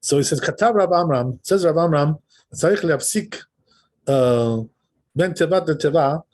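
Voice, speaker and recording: A man's voice: on the high side, moderate pace, darkish tone. A man teaching a text class as a rabbi. He reads passages aloud and explains them in an easygoing way, often checking in with the listeners. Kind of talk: text study lesson, reading and translating.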